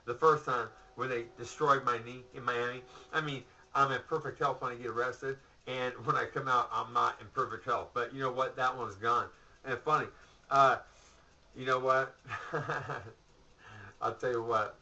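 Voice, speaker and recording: Profane ranting man, bright tense voice. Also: medium pitch, fairly even intonation, moderate pace, dull audio. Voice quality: rambling, profane, storytelling with laughs and asides. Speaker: vlogger.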